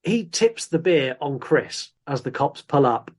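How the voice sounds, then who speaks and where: A man's voice: on the high side, sing-song, unhurried, darkish tone. A man co-hosting a podcast, recapping a film plot in casual chat and cracking dry jokes between laughs. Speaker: podcast co-host.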